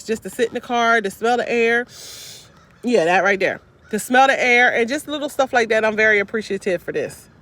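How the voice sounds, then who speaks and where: Upbeat woman talking into her phone in a parked car, high voice, keeps repeating her pep talk. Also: a bit bright. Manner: upbeat, repetitive, slangy encouragement. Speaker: vlogger. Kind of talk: motivational casual talk to camera. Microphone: handheld phone.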